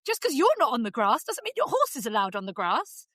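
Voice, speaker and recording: Bright-voiced woman ranting on a podcast. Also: a little high, wildly swooping pitch, a little fast, dry recording, clean studio sound. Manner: ranty, exasperated, repeats herself for emphasis. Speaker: podcast co-host. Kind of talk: casual chat.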